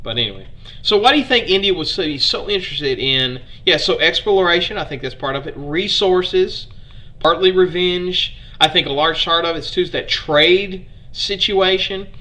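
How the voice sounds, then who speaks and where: A man's voice: high voice, lively intonation, moderate pace, bright, forceful tone. A man from Alabama with a Southern accent, hosting a casual live history stream, chatting with viewers, putting questions to them and stumbling over foreign names.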